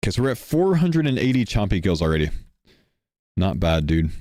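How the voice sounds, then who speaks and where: A man's voice: low-pitched, big pitch swings, a little fast, a little mellow, no room sound. A man streaming a game, chatting casually and explaining game mechanics to his chat.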